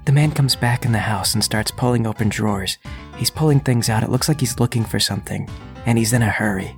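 A man runs a tabletop game as narrator, his voice mid-pitched and even. He tells the scene calmly, and soft music plays faintly behind him. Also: a little fast, gravelly. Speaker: game master.

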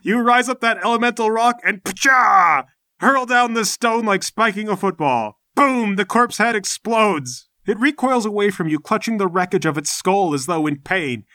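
A man narrating a tabletop game as game master, lively and full of spoken sound effects. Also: high-pitched, moderate pace, no echo, studio quality.

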